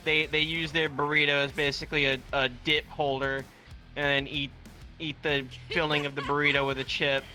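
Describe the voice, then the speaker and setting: A man's voice: on the high side, flat delivery, normal speed, pushed and bright. A man on a stream, chatting casually and explaining things matter-of-factly. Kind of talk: casual chat. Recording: faint music behind.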